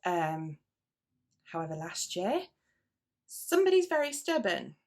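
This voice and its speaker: Her voice is lowish and gravelly as she rambles casually to camera, a British woman hosting a knitting video podcast. She keeps interrupting herself, restarting, drifting into asides and using plenty of fillers.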